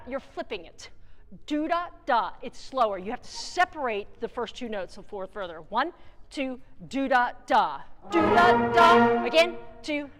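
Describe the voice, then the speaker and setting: A woman with a fairly high voice coaches a wind band, singing rhythms on syllables and counting the players in. Her voice rings out in the long reverb of a theatre hall, with the band playing behind her. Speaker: band clinician. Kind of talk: rehearsal instruction.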